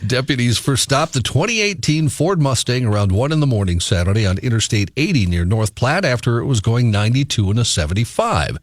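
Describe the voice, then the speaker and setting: A man with a lively, swooping voice reads news items on a talk radio show, breaking into amused laughs between the stories. The sound is dry and close-miked. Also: mid-range voice, a little fast, hardly any pauses, no echo. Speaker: radio host reading news. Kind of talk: news reading mixed with chat.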